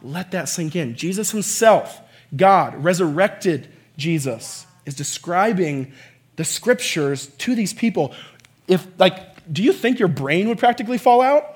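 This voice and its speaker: A man preaching a conversational sermon, often checking in with "right?" and "okay?" and swinging from quiet asides to shouting. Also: high voice, lively intonation, measured pace.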